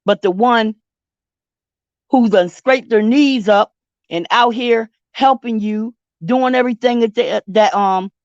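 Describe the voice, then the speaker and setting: Slow, sassy woman chatting live. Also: fairly high pitch, dry recording, lo-fi sound. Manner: sassy, drawn-out, talks back to the chat. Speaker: host. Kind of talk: casual live-stream chat.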